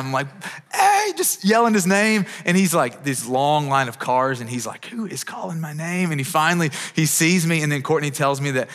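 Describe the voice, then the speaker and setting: A man's voice: medium pitch, a bit bright. A man in his thirties preaching a sermon in an earnest, conversational way, often restarting his sentences. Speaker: pastor. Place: church auditorium. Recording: long hall reverb.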